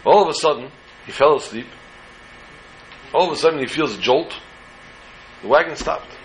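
A man's voice: on the high side, normal speed, slight background noise, low-quality recording. Man telling a religious tale casually. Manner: informal, digressive, joking asides. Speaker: storyteller.

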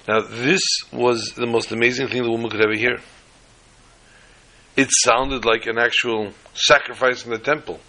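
Man teaching with a story, animated, lots of repetition for effect, bright sharp voice. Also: medium pitch, moderate pace, poor audio. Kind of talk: storytelling sermon.

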